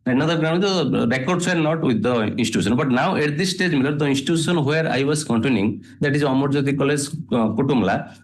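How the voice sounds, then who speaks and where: A lawyer with an Indian English accent argues his case before the judge. He sounds hesitant and deferential, falling back on fillers and restarts. His voice sits at an ordinary male pitch. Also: fast, hardly any pauses. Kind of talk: courtroom argument. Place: courtroom.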